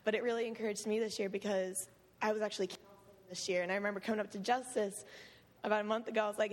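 A teenage girl whose voice is hoarse and worn out gives an earnest, emotional testimony as a camp counselor, breaking into laughter often. Her pitch sits in the middle range, and her words ring with a long hall reverb, as if recorded in a church sanctuary. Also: steady tone, quick pace. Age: late teens.

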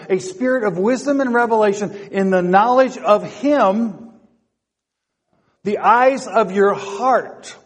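Slow, high-voiced male preacher. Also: big-room sound. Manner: asks rhetorical questions, repeats phrases. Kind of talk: sermon.

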